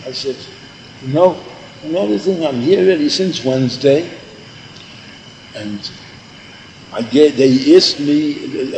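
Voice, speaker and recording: Older man, gravelly, rambling storyteller who repeats himself, light background hiss. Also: medium pitch, rough recording. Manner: meandering, repeats himself, mixes in Yiddish and Hebrew words. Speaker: storyteller recalling yeshiva days.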